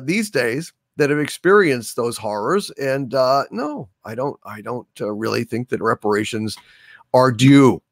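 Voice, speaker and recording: A man's voice: mid-range voice, fairly bright tone, dry recording, studio quality. An older man hosting a livestream, reading super chats aloud with grand, theatrical proclamations. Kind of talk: casual livestream chat.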